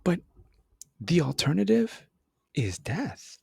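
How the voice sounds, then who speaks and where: Man, podcast host, animated motivational talk, husky, dry close recording. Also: takes it slowly, no room sound. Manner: animated, repeats words, acts out voices with big pitch jumps. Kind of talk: motivational monologue.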